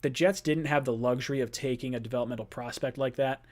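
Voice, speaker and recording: Chatty male sports podcast host. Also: medium pitch. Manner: chatty, quick bursts of speech; lively and playful with chat. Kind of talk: live-stream sports chat.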